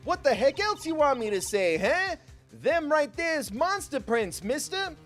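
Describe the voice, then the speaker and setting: A man voicing a brash, excitable tabloid reporter with a put-on Texan drawl and drawn-out, hollering speech. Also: very high voice, faint music behind, voice pushed up, heavily acted. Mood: excited.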